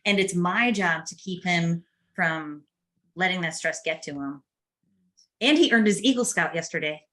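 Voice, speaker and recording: Lower-pitched middle-aged woman telling stories. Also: normal speed, fairly bright tone. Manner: chatty storytelling with laughs. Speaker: podcast host. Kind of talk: casual chat.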